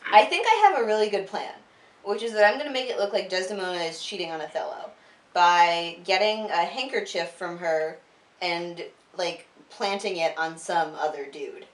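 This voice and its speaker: A woman's voice: fairly low pitch, moderate pace, natural voice. A woman acting out a sly, slangy male schemer who plots in an offhand, casual way. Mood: scheming. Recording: roomy sound from a distant mic.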